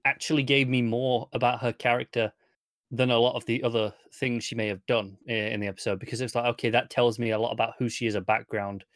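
A man's voice: medium pitch, flat delivery, fast, no echo, clean studio sound. A man from the English Midlands co-hosting a casual TV review podcast, easygoing and hesitant, often restarting his sentences. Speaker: podcast co-host.

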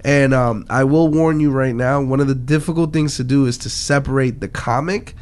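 A man's voice: medium pitch, steady tone, normal speed, smooth. A man hosting a podcast, chatting casually with his guests and swearing now and then. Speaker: podcast host. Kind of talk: casual interview chat.

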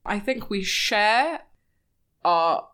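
A woman's voice: medium pitch, lively intonation, very slow, fairly bright tone. A young adult woman chatting as a podcast guest, telling candid stories full of quoted asides. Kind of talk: casual chat.

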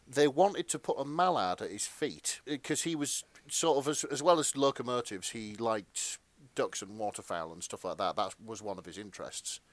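A man's voice: medium pitch, normal speed, no room sound. A man co-hosting a podcast, chatting through trivia and then narrating a fan story aloud. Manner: chatty, tangent-prone, lively storyteller. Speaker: podcast co-host reading the story. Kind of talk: casual chat and reading fanfic narration.

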